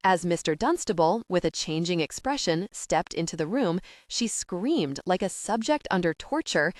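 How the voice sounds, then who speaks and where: A woman narrating a young-adult audiobook in an animated, characterful storytelling manner. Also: fairly low pitch, moderate pace, hardly any pauses, dry recording, clean studio sound. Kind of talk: scripted narration.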